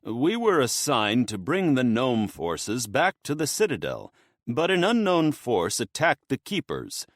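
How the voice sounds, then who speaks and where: A man's voice: medium pitch, wildly swooping pitch, measured pace, no room sound, clean studio sound. A man reading an audiobook, voicing a timid young male necromancer who speaks in an apologetic, hesitant way. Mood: deferential.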